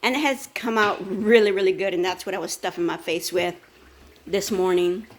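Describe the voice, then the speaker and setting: A woman's voice: mid-range voice, fairly even intonation, normal speed. A woman hosting a casual morning vlog, tired and chatty, rambling along with fillers and sometimes talking with her mouth full. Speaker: vlog host and fitness coach.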